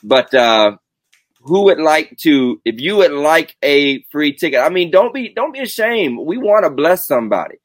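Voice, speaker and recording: A man's voice: fairly high pitch, sing-song, normal speed, no room sound. A man hosting a casual live stream, joking and drawing out his announcements. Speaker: host.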